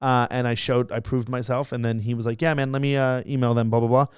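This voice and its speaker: Young male guest, rapid storyteller, smooth clear voice, dry close sound, acts out the quotes. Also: medium pitch, flat delivery, no room sound. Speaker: guest, social media creator. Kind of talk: casual storytelling interview.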